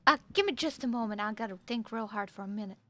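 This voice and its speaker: A woman's voice: medium pitch, fast. A woman streaming a roleplay game, chatting casually and swearing freely while she plays. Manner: chatty, excitable, swears freely, laughs often.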